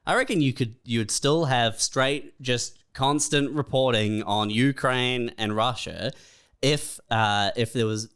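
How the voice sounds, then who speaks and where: Man, podcast co-host, mid pitch, smooth clear voice, laughing and sweary. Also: a little slow, fairly bright tone. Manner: laughs often, loose and sweary. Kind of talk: casual comedic chat.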